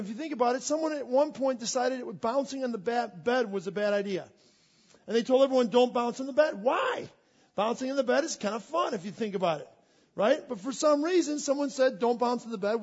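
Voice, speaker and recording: A man preaching a sermon as a pastor, leading a prayer and then telling joking, animated stories. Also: very high voice, lo-fi sound.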